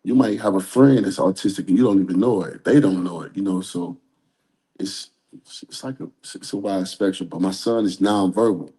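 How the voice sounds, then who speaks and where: A man's voice: sits low, fairly quick, warm tone. A man speaking as an interview guest, talking candidly and earnestly in a rambling, conversational way. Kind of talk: casual interview talk.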